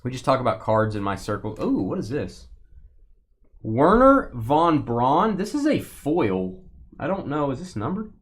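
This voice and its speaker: Lively joking man hosting a card break. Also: mid-range voice, a little slow. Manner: playful, jokey, excitable over cards. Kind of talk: casual live stream chat.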